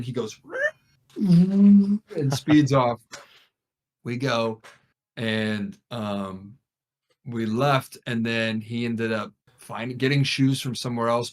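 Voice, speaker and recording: A young man co-hosting a podcast, telling a story casually among friends and acting out what people said. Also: on the low side. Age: young adult. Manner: animated, acts out what people said. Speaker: podcast co-host.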